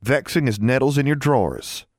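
A folksy teenage country girl with a scolding, homespun way of talking, as a man puts her on. The voice is lifted well above a man's usual register, with a lively, swooping lilt. It is a dry, close audiobook read. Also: mid-range voice, moderate pace, no echo, voice pushed up, close to an everyday voice. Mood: fond scolding. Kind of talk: audiobook character voice.

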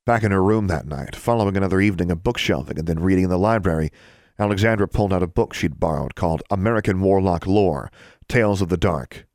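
A man narrating an audiobook in a calm storytelling manner. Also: sits low, fast talker, no echo.

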